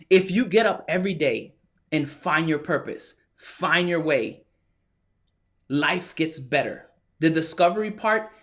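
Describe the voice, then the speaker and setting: A man with a fairly high voice delivers a motivational talk. He tells a story with animated energy and acts out the lines of the people in it. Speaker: motivational speaker.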